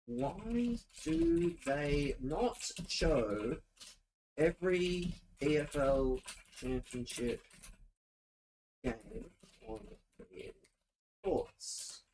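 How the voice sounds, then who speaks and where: A young man rants to his live chat with sarcastic, exasperated profanity. His voice sits fairly high, and he drags out his words in a slow, drawn-out way. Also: very animated, creaky, a little mellow, slight background noise, poor audio. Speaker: streamer. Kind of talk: live-stream rant to chat.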